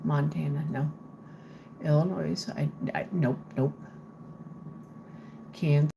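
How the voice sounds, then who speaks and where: A woman with a low voice, fairly even intonation and vocal fry talks at a slow pace over background noise. She is a livestreamer at home indoors, chatting casually into a handheld phone and muttering to herself while searching a map.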